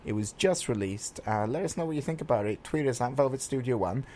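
A man's voice: medium pitch, animated, fast, mellow. Male radio co-host, casual and campy, gushing, mid-range voice.

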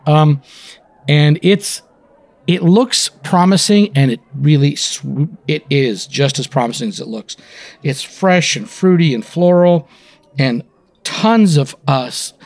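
A man's voice: a little high, darkish tone. A man co-hosting a whisky tasting show, describing spirits with enthusiasm. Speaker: co-host. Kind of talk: casual whisky tasting talk.

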